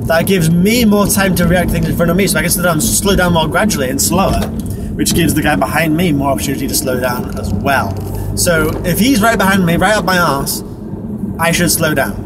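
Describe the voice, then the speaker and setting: Chatty man ranting while driving. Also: fairly high pitch. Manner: rambling, self-deprecating, swears casually. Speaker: vlogger. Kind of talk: casual driving vlog monologue. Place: inside a car while driving. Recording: car interior with road noise.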